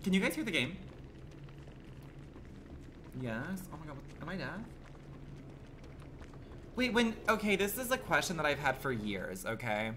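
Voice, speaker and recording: A man's voice: on the high side, sing-song, unhurried, pauses often, bright, forceful tone, a little hiss or hum. A man livestreaming a game, chatting with his viewers in a sassy, campy, profane way, full of rambling rhetorical questions. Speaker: gaming livestreamer. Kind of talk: casual stream chat.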